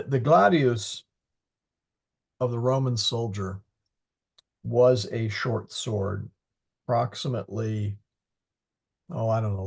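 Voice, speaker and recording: A man teaching a Latin class, unhurried, often pausing to hunt through his notes and muttering asides to himself. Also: on the low side, vocal fry, slightly rough.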